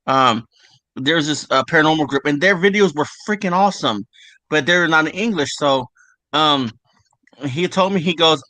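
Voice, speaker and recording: A host speaking casually and hesitantly, with many fillers and restarts. The voice is bright and a bit tense, in a middle range. The sound is dry. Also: medium pitch, expressive, brisk, no room sound. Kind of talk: casual chat.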